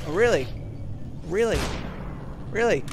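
A man giving casual let's-play commentary, excitable and crude, jumping from mumbled asides to loud joking outbursts. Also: high-pitched, a little slow, noisy background. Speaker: gaming video host.

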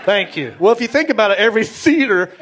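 A male stand-up comedian performing a playful, animated set and talking with the audience, on a club stage with a handheld mic. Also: sits high, fast talker, noisy background. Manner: animated and playful, talks with the crowd. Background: audience laughter.

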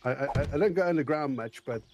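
A man's voice: fairly high pitch, fast, a little mellow, a little hiss or hum. A man on a gaming stream who reads chat aloud, jokes, and stammers with laughs. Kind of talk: casual multiplayer gaming chat. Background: game music.

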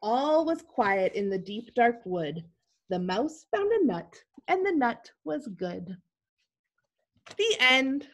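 A woman's voice: a little high, big pitch swings, slow, a little hiss or hum. A woman narrating a picture book aloud to a class over a video call. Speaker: teacher.

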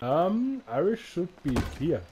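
A gamer giving giggly, excitable commentary while playing, swearing and shouting at the game. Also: mid-range voice, slow pace, background noise. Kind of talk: gameplay commentary.

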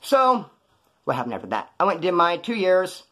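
A man's voice: high-pitched, wildly swooping pitch, brisk, a bit bright. A man telling his own prison and street stories in a slangy, profane way, acting out the people he quotes. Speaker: former inmate telling his story. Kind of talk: casual storytelling.

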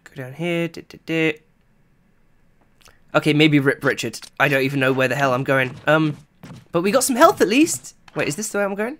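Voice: medium pitch, lively intonation, moderate pace. A game streamer giving live gameplay commentary, chatting to viewers and yelping when startled. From England. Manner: chatty, talks to the chat, yelps and shouts when startled.

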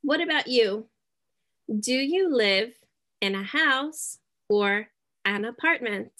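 A woman teaching a beginner English lesson, speaking deliberately, checking in often and dropping in Spanish words. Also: fairly high pitch, lively intonation, pushed and bright. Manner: slow, deliberate, checks in with "okay?".

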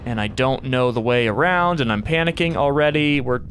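A man streaming a horror game, thinking aloud to himself and reacting in a jumpy, excitable way. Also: medium pitch, moderate pace, slight background noise. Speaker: gaming streamer. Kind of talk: let's play commentary.

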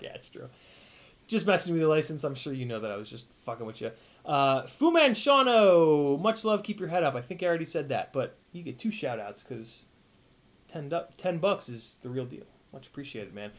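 A young man hosting a casual live stream, rambling with lots of fillers and restarts, swearing now and then while thanking viewers. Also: fairly high pitch. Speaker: live-stream host reading donations.

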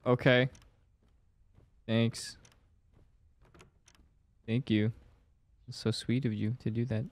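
A man's voice: mid-range voice, level tone, slow, dry recording. A young man gives jumpy commentary while playing a horror game, talking to himself and swearing now and then. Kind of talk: gameplay commentary.

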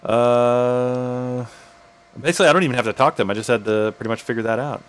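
A man casually commentating while playing a video game, jokey and thinking out loud. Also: medium pitch, brisk, clear, resonant tone. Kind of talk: let's play commentary.

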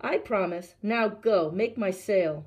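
A woman's voice: medium pitch, expressive, unhurried, darkish tone. A woman reading a storybook aloud, voicing a greedy young husband who calls out and makes demands. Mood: commanding. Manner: calling, demanding. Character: poor young fisherman husband, greedy and insistent.

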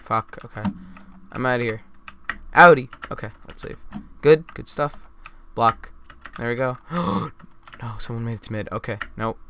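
A man giving jokey, mock-boastful live commentary while playing a game, with sudden loud outbursts. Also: medium pitch, measured pace, creaky, slight background noise. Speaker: gaming YouTuber.

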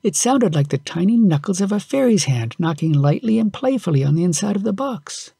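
A man reading a storybook aloud in a calm, measured way. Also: high-pitched, vocal fry, slightly rough, dry recording.

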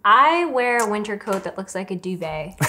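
A woman from upstate New York, the host's sister, chatting casually in a Q&A, self-mocking and quick to laugh. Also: mid-range voice, sharp tone, slight background noise. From Saratoga Springs, New York. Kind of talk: casual Q&A chat.

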